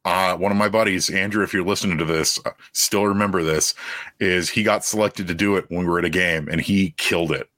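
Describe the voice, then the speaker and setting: A man's voice: deep voice, steady tone, brisk, a bit bright, no echo. A young man co-hosting a casual sports podcast, riffing animatedly on ideas. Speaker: podcast co-host.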